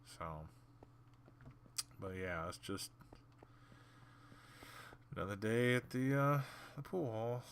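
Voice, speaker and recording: A man's voice: medium pitch, slow, gravelly, long pauses, a little hiss or hum. A man hosting a gaming channel, telling a story casually while he plays, acting out the people in it with blunt sarcasm. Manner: animated, acts out the people in his story.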